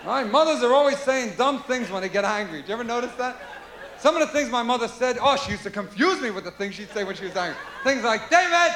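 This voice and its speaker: A male stand-up comedian fires rhetorical questions at his audience during a live routine. His voice is extremely high-pitched, fast and a bit bright, captured in an echoey venue with crowd noise.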